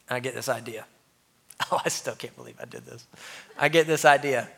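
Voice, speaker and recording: A pastor, a man, telling a lively personal story in his sermon and laughing at himself, before reading scripture. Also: medium pitch, fairly quick, gravelly, pauses often, husky. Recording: long hall reverb.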